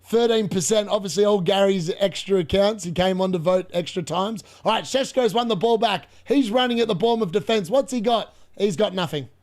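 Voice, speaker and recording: Man, young adult, high voice, excitable live match watch-along, laughs a lot. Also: fairly quick, hardly any pauses. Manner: excitable, laughs often, talks to chat. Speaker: fantasy football streamer.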